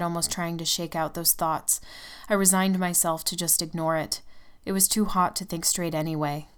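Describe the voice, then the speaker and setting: A woman's voice: lowish voice, smooth. A woman reading a first-person story aloud in an intimate, confessional way.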